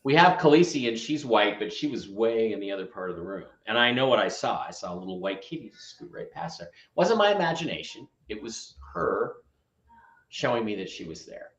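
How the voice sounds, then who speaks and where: A man hosting a casual talk show, expressive and quick to react. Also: lowish voice. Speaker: host. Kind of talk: casual chat. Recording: roomy, dull lo-fi sound.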